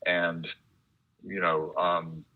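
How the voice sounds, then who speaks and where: A man talking as a guest in a casual interview, chatty and animated, explaining things at length. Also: sits low, drawn-out words. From United States. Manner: chatty, animated, laughs while imitating sounds. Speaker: guest, radio enthusiast and author. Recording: dull lo-fi internet call audio.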